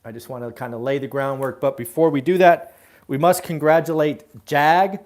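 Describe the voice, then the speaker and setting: A man's voice: a little high, fairly even intonation, moderate pace, darkish tone. A middle-aged man hosting a live daily real estate show from his room at home, giving direct, emphatic advice with frequent "uh" fillers. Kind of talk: live solo talk to camera.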